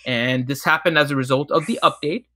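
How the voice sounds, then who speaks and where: A man co-hosting a casual gaming livestream, relaxed and explaining game mechanics at length. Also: fairly high pitch, brisk.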